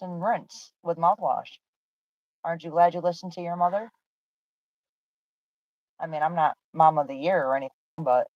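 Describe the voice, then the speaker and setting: Middle-aged mom streaming from her car, lowish voice, dry and dull lo-fi sound, teasing and soothing. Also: a little mellow, dry recording. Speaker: livestream host and mother. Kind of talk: casual live chat. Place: parked car in her driveway.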